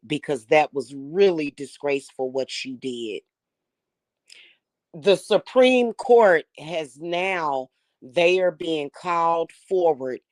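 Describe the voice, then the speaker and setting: A woman's voice: low voice, dry recording. A woman, talking casually to her viewers, emphatic and emotional, often repeating words as she builds up steam. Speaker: spiritual channel host.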